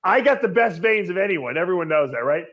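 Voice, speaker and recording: A male show host with a fairly high voice keeps the chat loose and relaxed. He agrees easily and tells his own stories. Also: fairly quick, highs cut off. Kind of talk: casual chat.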